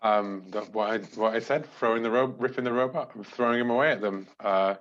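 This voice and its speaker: A man's voice: medium pitch, a little fast, a bit bright. Rambling man on lo-fi audio. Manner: rambling, hedging with "like" and "you know". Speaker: player. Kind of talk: casual tabletop play.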